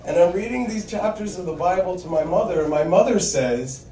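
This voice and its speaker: A man's voice: high voice, normal speed, mellow, roomy sound, far from the mic, slight background noise, poor audio. A man performing a stand-up comedy set, telling wry stories and acting out quoted voices.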